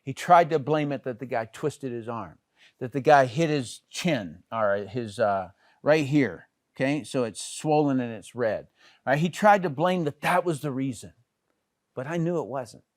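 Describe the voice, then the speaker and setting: A man's voice: medium pitch, lively intonation, unhurried, dry recording, clean studio sound. A middle-aged man giving a casual training talk on network marketing, chatty, with many fillers and restarts. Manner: conversational, many fillers and restarts, pointing with "here".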